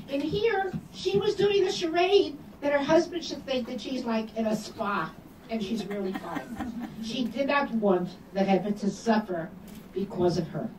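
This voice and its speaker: An older woman with a somewhat high voice tells personal stories to a gathered audience and voices each quoted line with animated emphasis. She is picked up from a distance, so the sound is roomy and echoing. Steady background noise runs underneath her. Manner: animated storyteller acting out quoted dialogue. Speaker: guest speaker. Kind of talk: storytelling talk. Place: hall or room at a community event.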